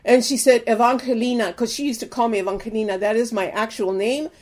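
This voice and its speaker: A woman's voice: fairly high pitch, fast, darkish tone. An older woman preaching, telling an earnest personal testimony and exhorting her listeners.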